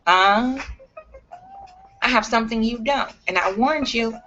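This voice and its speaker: A woman's voice: fairly high pitch, a little slow, long pauses, sharp tone, dull audio, a little hiss or hum. A woman talking straight to camera in a blunt, profane, emphatic rant. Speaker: vlogger. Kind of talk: ranting vlog monologue.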